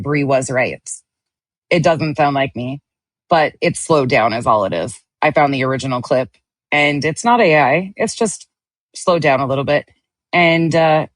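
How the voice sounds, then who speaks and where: A woman's voice: low-pitched, dry recording. A woman, the channel's owner, reacting to clips of other streamers with sarcastic, defensive asides. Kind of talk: reaction commentary.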